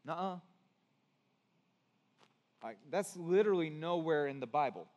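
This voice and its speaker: A man preaching a sermon as pastor, earnest, moving between hushed and emphatic passages. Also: high-pitched, animated, a little slow, big-room sound, muffled recording.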